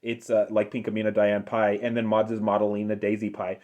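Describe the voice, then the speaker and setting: A man's voice: on the low side, monotone, a little fast, phone-quality sound. A young man giving an unscripted cartoon episode review, rambling and enthusiastic with lots of fillers.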